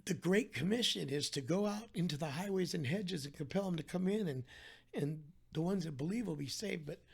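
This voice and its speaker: A man's voice: fairly high pitch, a little fast, gravelly, slightly rough. A man talking as a podcast guest, telling his story in an earnest, heartfelt way with frequent restarts. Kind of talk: candid conversational storytelling.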